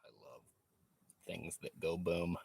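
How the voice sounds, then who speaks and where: A man's voice: low voice, completely flat delivery, slow pace, gravelly, a little mellow, breathy edge, no room sound. A man chatting casually on a live stream, laid-back, swearing freely and laughing often. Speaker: livestreamer. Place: truck workshop.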